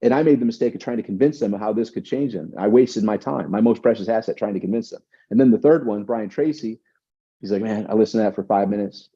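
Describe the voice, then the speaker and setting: Low, dark, husky man, muffled recording. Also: quick pace. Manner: emphatic, storytelling, repeats words. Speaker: interview guest. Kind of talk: conversational interview. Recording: dull lo-fi sound.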